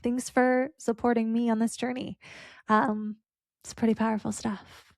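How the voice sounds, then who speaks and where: A young adult woman hosts her solo podcast with a bright, fairly high voice. She talks in an effusive, heartfelt, chatty way, with loose fillers and the occasional swear. The sound is close and dry, with no room around it. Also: little pitch movement, moderate pace, gravelly, dry recording. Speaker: podcast host. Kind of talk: casual solo podcast reflection.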